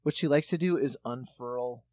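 A man chatting casually, telling lively stories and swearing freely as he acts out what others say. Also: mid-range voice, normal speed, dry recording. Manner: animated storyteller, acts out voices, swears freely. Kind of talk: casual chat.

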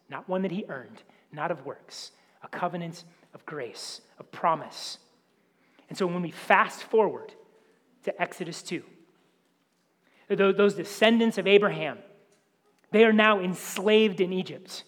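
A male pastor preaching with a high voice. He is emphatic and often sinks to a hushed near-whisper to press a point. His words ring with the long reverb of a large hall. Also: animated, measured pace. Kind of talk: sermon.

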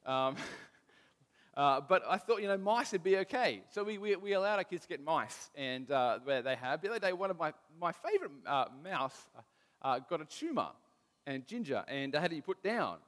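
A man's voice: on the high side, very animated, moderate pace, fairly bright tone. Man preaching in a reverberant hall. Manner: conversational, self-deprecating, restarts often. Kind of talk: sermon with personal stories.

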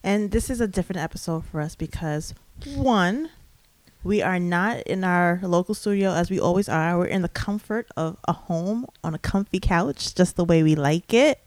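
A woman's voice: on the low side, normal speed, no room sound. A woman hosting a casual podcast, upbeat and friendly, who laughs easily while chatting on a couch at home. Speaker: podcast host. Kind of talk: casual chat. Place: living room couch in a home.

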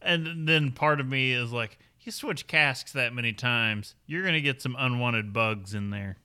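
Male co-host, loose rambling banter, bright voice. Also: medium pitch, unhurried, clear, resonant tone. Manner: rambling, joking, lots of fillers. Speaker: podcast co-host. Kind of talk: casual chat.

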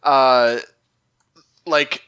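A man's voice: mid-range voice, fairly even intonation, extremely slow, fairly bright tone, clear, resonant tone. A man co-hosting a casual podcast, recapping a TV episode with wry, sarcastic remarks and casual swearing. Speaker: podcast co-host.

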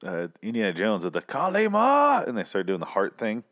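A man's voice: deep voice, quick pace, no echo, clean studio sound. A man co-hosting a podcast in casual comedic chat, joking crudely and often slipping into mock voices. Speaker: podcast co-host.

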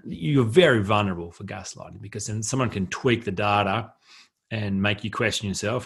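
Man, podcast host, breathy voice, on the deeper side, earnest, reflective, repeats phrases for emphasis. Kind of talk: solo self-help podcast talk.

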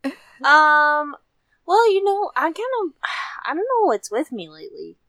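A woman's voice: high-pitched, huge pitch swings, unhurried, pushed and bright, dry recording. A young woman in her twenties co-hosting a casual podcast from inside a van, rambling and self-deprecating. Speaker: podcast co-host. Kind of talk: casual chat. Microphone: podcast microphone.

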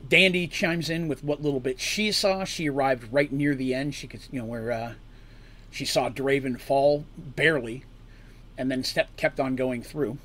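A man's voice: medium pitch, fairly even intonation, normal speed, fairly bright tone. A man narrating a tabletop story as game master, casual and explanatory, with frequent asides.

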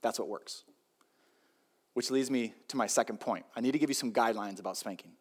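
A man's voice: mid-range voice, brisk, breathy edge. A middle-aged male pastor preaching a sermon in a conversational, joking way, repeating key points for emphasis.

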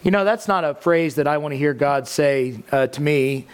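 A male pastor gives a sermon with a conversational, unhurried delivery, stopping for asides and small fillers. His voice sits a little higher than most men's. It sounds smooth and resonant.

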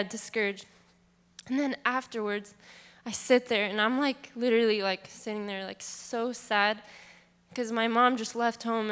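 A woman's voice: fairly high pitch, a bit bright, smooth. A young woman giving a rambling, emotional church testimony full of fillers, heard in a large hall. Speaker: testimony speaker. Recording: long reverb of a large hall.

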